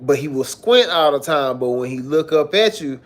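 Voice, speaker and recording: A man's voice: fairly high pitch, lively intonation, moderate pace. A young man telling a long story to his livestream chat in casual, profane, slangy speech, acting out the quotes. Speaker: livestream host.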